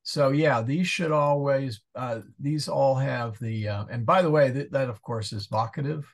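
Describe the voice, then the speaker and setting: A man's voice: medium pitch, moderate pace. A man teaching a casual Latin class, thinking aloud and muttering asides while he looks things up. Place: church parish class over video call.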